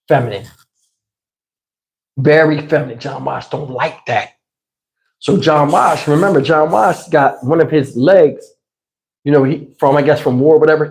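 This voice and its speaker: A man hosting a livestream, telling a wild personal story in an excitable, conversational way. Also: on the high side. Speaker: channel host.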